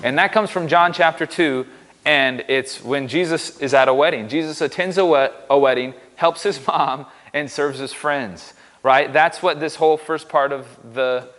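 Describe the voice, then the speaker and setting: A man's voice: fairly high pitch, normal speed, a bit bright, long reverb tail. A man giving a casual, upbeat sermon in a church, joking and poking fun at himself. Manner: upbeat, joking, self-deprecating. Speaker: pastor.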